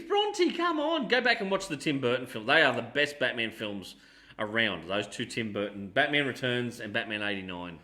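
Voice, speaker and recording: A man co-hosting a casual podcast chat, animated, opinionated and swearing freely. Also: mid-range voice, moderate pace. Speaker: podcast co-host.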